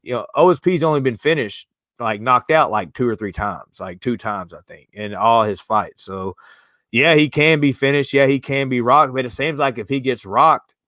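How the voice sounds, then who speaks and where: A man's voice: mid-range voice, moderate pace, sharp tone, no echo, clean studio sound. A man hosting a casual live-streamed sports podcast, loose and slangy, joking with his co-host.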